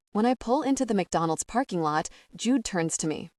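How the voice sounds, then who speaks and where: A woman narrating a first-person romance audiobook, flustered and breathy in tone. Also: medium pitch, lively intonation, normal speed, hardly any pauses, darkish tone, dry recording, studio quality.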